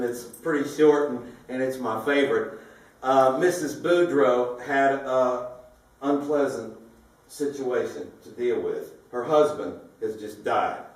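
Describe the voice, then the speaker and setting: A man from south Louisiana, a preacher telling jokes with animation and laughing at his own punchlines. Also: mid-range voice. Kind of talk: comedic storytelling to a live audience. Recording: echoey hall from far off.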